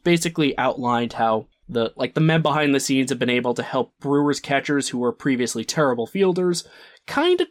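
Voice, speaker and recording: A young man co-hosting a casual sports podcast, joking and laughing at his own lines. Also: fairly high pitch. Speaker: podcast co-host.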